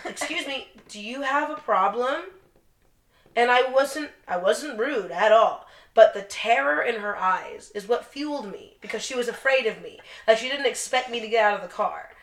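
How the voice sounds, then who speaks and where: A woman's voice: fairly high pitch, expressive, normal speed, hardly any pauses. A young woman co-hosting a podcast, telling a blunt, profanity-heavy story in casual chat. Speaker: podcast co-host. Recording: roomy echo.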